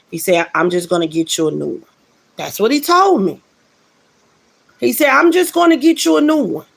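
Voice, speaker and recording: Earnest woman with a gravelly voice. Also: a little high. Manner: earnest, repeats phrases for emphasis, addresses listeners directly. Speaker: spiritual speaker giving testimony. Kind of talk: casual spiritual testimony.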